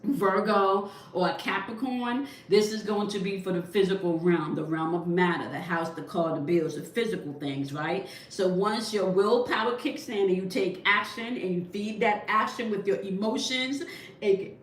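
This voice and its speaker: A woman giving a tarot reading who explains each point and checks in with "okay?" as she talks to viewers from her desk. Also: moderate pace. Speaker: tarot reader. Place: at a desk indoors. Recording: echoey room, mic at a distance, faint rumble.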